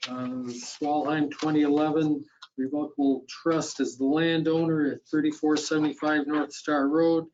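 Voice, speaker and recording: Set slightly high for a man, the voice belongs to a town board chair reading motions and calling votes in a plain, procedural manner. He stumbles on a word now and then and restarts it. The recording is dull and lo-fi, as from a municipal meeting room. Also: a little mellow.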